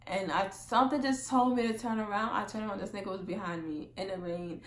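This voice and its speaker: A young woman telling a casual storytime monologue as a vlogger, chatty and full of "like", acting out quotes loudly. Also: mid-range voice, steady tone, fairly quick, reverberant, a little hiss or hum.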